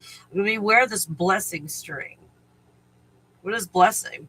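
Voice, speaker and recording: Slow, bright-voiced man musing on mindfulness. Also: sits high, breathy edge, poor audio. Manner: rambling, restarts often, talks to his dog mid-stream. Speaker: live stream host. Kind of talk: casual spiritual live stream talk. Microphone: live stream microphone at home.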